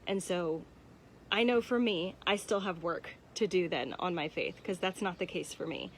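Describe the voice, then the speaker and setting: A woman's voice: fairly low pitch, normal speed. A young adult woman giving a casual church devotional, conversational and candid, with many "um"s and "like"s. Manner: conversational, frequent "um" and "like", personal and candid. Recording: faint background noise.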